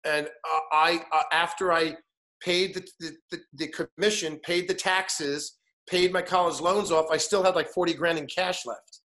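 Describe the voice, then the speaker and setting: A man in his fifties, guesting in a casual chat, animatedly tells an anecdote and acts out the other people in it. His voice is a little high and sharp in tone, steady, at normal speed.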